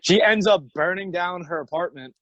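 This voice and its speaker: A man's voice: high voice, moderate pace, fairly bright tone, dry recording, muffled recording. A young man co-hosting a podcast, telling stories in a loose, laughing way and acting out other people's lines. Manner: loose, laughing storytelling with acted-out quotes. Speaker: podcast co-host. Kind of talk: casual chat.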